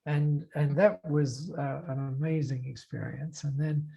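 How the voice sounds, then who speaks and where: An older Australian man speaks as a guest on a podcast, his voice gravelly with a husky edge and a dark, mellow color. He tells his story in an animated way, stumbling over filler words and restarting his sentences as he acts out the conversations. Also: a little high, a little slow, lo-fi sound. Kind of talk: storytelling interview.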